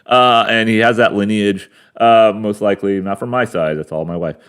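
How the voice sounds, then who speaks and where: A man in his forties from the United States talks alone to a camera at home, his voice sitting a little low. He rambles and swears his way through a loose monologue. He often trips over fillers and repeats words before he gets back on track. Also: normal speed, fairly bright tone, smooth. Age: 40s. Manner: crude, rambling, full of fillers and restarts. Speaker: podcast host. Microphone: camera mic.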